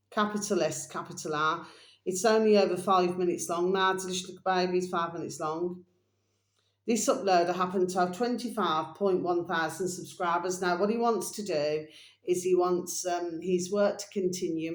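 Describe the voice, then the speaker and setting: A woman's voice: on the low side, roomy sound. A woman hosting a casual video channel, rambling and repeating herself, often addressing viewers with fond pet phrases in a sombre tone. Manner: rambling, repeats phrases and spells out titles slowly. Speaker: channel host.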